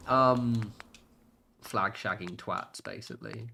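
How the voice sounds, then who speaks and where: A British man chats loosely on a gaming livestream, his voice bright and forward. He wanders through his points with plenty of ums, false starts and casual swearing, over a faint hum of background noise. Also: mid-range voice, animated, moderate pace. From United Kingdom. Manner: rambling, sweary, many fillers and restarts.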